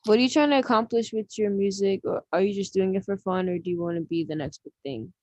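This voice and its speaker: A woman's voice: mid-range voice, fast, mellow, no echo. A young woman co-hosting a podcast, asking questions and telling stories in a blunt, casual way. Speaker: podcast co-host. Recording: dull, dry lo-fi mic.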